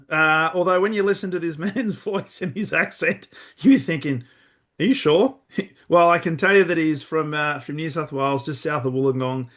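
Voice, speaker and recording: Male podcast host, fairly high voice, friendly and upbeat. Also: steady tone, moderate pace, fairly bright tone. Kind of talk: podcast interview.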